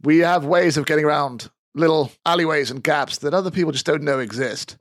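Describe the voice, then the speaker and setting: A sly little mousefolk spy who loves his own secrecy and drama, as a game master puts him on. The voice sits a bit high and is recorded very dry and close, with nothing around it. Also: brisk, dry recording, lightly acted. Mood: conspiratorial. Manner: theatrical, conspiratorial, proud. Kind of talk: tabletop game character voice.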